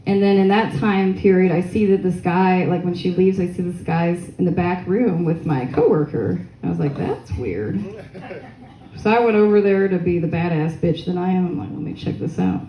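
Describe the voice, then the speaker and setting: A woman's voice: lowish voice, fairly even intonation, fairly quick, few pauses, dark tone. A young woman doing a stand-up comedy set, crude, rambling and self-mocking, with audience laughter behind her. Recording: echoey room with faint noise.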